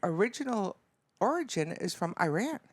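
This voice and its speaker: A woman guest in casual chat, telling family stories in an animated way. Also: mid-range voice, normal speed, dry recording. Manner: animated storyteller. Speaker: podcast guest.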